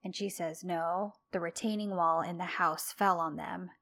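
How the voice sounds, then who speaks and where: A woman's voice: on the low side, fairly even intonation, normal speed, fairly bright tone. A woman co-hosting a podcast, chatting casually and animatedly as she retells TV scenes and acts out the characters' lines. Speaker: podcast co-host. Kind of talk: casual chat recapping a TV show.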